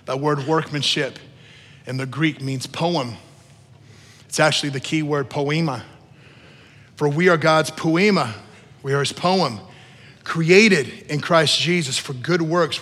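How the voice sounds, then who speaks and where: A man preaching a sermon as pastor to a congregation, repeating key phrases and building to loud emphatic peaks. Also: fairly high pitch, husky. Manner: repeats phrases for emphasis, asks the room to respond. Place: church hall with long reverb. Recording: echoey church hall.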